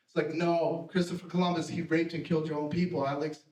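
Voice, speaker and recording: A man's voice: a little high, flat delivery, fast, darkish tone. A man doing a live stand-up set, brash and profane, with self-mocking punchlines. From Puerto Rican family. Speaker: stand-up comedian. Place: theater stage with live audience. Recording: roomy theater sound from a distance.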